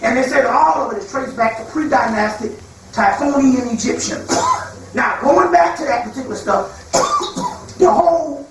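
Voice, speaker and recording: A man giving a freewheeling spiritual lecture, emphatic and profane, with mocking asides and quick put-on quotes. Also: very high-pitched, huge pitch swings, fairly bright tone, a little hiss or hum. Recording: echoey hall, far from mic.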